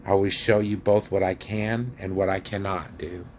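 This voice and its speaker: A great wise lion king from a storybook, read aloud by a man. He speaks gravely and tenderly, in measured phrases with a low voice. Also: steady tone, a little hiss or hum.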